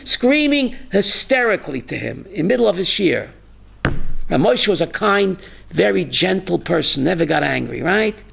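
A man, a rabbi, teaching a class with animated storytelling and calling on students by name. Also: high voice, gravelly, slightly rough.

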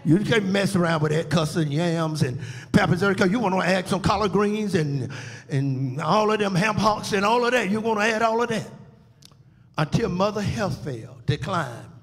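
Pastor man preaching a eulogy, high voice, swells up then drops low, big echoey church. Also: lively intonation, moderate pace. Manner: preaching with swells and call-outs to the congregation. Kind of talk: funeral eulogy sermon. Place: church sanctuary.

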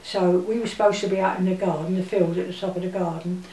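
An elderly English woman recalling her childhood in an interview, speaking in a gentle, halting way with many pauses. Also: on the low side, steady tone. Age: older. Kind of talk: reminiscing interview. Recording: roomy, distant mic with faint hiss.

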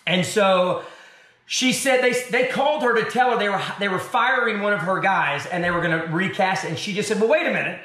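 Male TV host as interview guest, high and bright, acts out his anecdotes; echoey room. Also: fairly quick. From Arkansas. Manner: animated storyteller acting out other voices. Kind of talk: storytelling interview.

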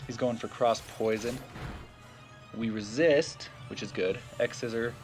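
A man's voice: mid-range voice, measured pace, soft background music. A man giving casual let's-play commentary, thinking aloud with fillers and self-corrections. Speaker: gameplay commentator.

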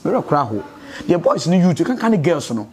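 A man's voice: fairly high pitch, sing-song, a little fast, a little mellow, a little hiss or hum. A Ghanaian man giving a street interview in Twi and English, earnest and preachy about faith and change.

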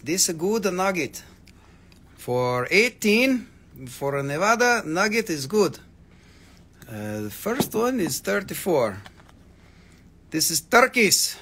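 A man's voice: on the high side, gravelly, a bit bright, slightly rough. A man hosting a live rock-selling stream, rambling casually, swearing freely and calling out prices to viewers.

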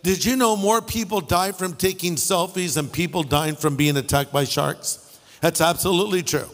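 A man's voice: high-pitched, moderate pace, fairly bright tone, in a large hall. A middle-aged male pastor preaching a sermon, telling funny stories and making wry asides. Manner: storytelling with jokes and asides. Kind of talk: humorous sermon.

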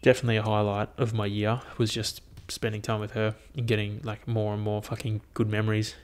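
A man's voice: fairly low pitch, completely flat delivery, a little fast. A man hosting a casual solo podcast, rambling and swearing freely. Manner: rambling, heavy swearing, amused. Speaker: podcast host. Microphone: headphones and podcast mic.

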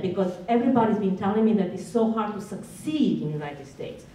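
A woman's voice: mid-range voice, animated, quick pace, hardly any pauses, warm tone. A woman gives a passionate, emphatic speech to a college lunch audience. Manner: passionate and emphatic, with a strong accent. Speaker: guest speaker. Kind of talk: inspirational speech at a lunch event. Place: college event room. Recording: echoey hall, speaker far from the mic.

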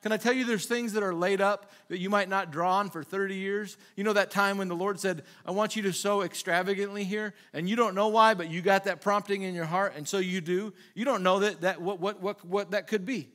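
A man with a fairly high-pitched voice delivers a sermon from the pulpit. He preaches in a loose, conversational way, throwing rhetorical questions at the congregation and acting out small quoted exchanges. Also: fairly even intonation, fairly quick, hardly any pauses, fairly bright tone. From Minnesota. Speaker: pastor.

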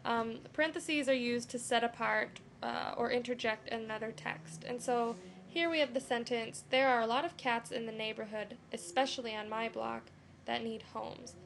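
A woman's voice: a little high, normal speed, a little hiss or hum. A young adult woman giving a casual lesson over her screen, talking loosely with lots of "um" and "you know". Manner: relaxed, with frequent "um" and "you know". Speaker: teacher.

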